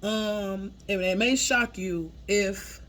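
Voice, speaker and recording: A woman's voice: mid-range voice, steady tone, slow pace, a bit bright, a little hiss or hum. A woman sharing channeled spiritual messages in a loose, chatty way, laughing often and swearing casually as she talks through her notes.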